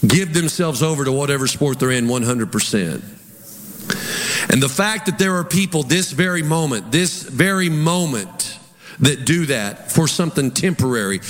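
A man's voice: on the high side, fairly bright tone. A man preaching a sermon as pastor, telling stories and firing rhetorical questions at his congregation. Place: church sanctuary. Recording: long hall reverb, audience.

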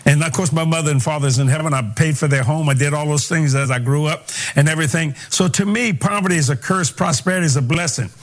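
Older male preacher, slightly high voice, animated folksy guest storyteller. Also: quick pace. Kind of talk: storytelling interview.

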